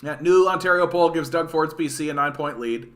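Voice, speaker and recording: A man from Canada riffing through a casual political rant, bright and sharp in tone. He reads news items aloud and reacts with sarcasm and swearing. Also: a little high, a little fast. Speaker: political commentary streamer.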